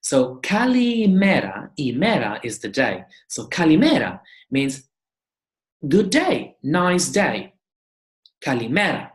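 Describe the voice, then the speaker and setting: Woman teacher, very deep voice, lively pitch, patient repeat-after-me drills. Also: slow. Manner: repeats each word several times, explaining patiently. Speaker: language teacher. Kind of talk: slow beginner lesson with repeated drills. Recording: echoey room.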